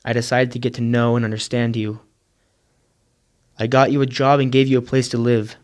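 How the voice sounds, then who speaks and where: A man voicing a grieving, forgiving middle-aged mother in a retold story, in a quiet, earnest way. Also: mid-range voice, level tone, moderate pace, close to an everyday voice.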